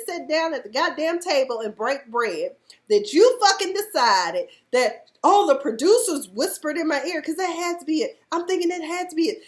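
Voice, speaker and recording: A woman's voice: sits high, lively intonation, normal speed. A woman giving casual, profane commentary on a reality TV episode, emphatic and outspoken.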